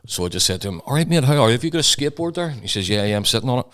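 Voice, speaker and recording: A man's voice: medium pitch, expressive, rapid-fire, a bit bright. A man, co-hosting a podcast and telling blunt, sweary stories in casual banter. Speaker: podcast co-host.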